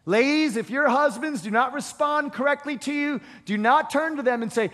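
A man's voice: extremely high pitch, animated, moderate pace, hardly any pauses, a bit bright. A male pastor preaching a sermon, emphatic and repetitive, often restarting words as he presses a point. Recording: reverberant hall.

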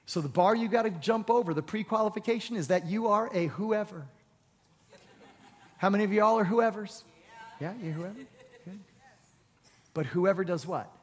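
A man preaching a sermon, asking the congregation questions and building to loud, emphatic peaks. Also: sits high, long reverb tail. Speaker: pastor.

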